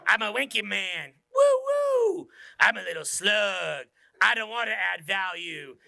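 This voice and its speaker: A man's voice: high-pitched, normal speed, gravelly, sharp tone, no echo, full character voice. A man voicing a lazy, self-pitying man in a whiny, mocking voice.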